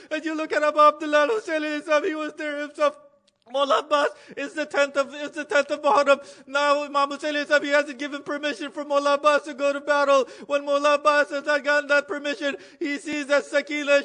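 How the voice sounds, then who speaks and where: A man's voice: very high voice, bright, forceful tone. A man narrating a mourning sermon with impassioned, emotional delivery, at times rising to cries. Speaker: majlis speaker. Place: religious center hall.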